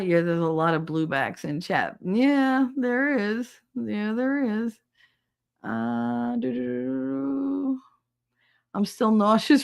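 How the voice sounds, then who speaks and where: A woman's voice: a little high, fairly bright tone. A middle-aged woman hosting a casual livestream chat, irreverent and profane, laughing often and acting out quotes as she reads the chat. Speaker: podcast host reading live chat.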